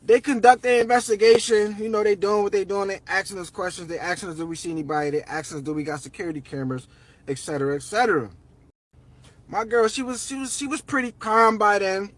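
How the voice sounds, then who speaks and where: A man's voice: high voice, fairly even intonation, brisk, dry recording. A man telling a story in a casual, slangy, profane way.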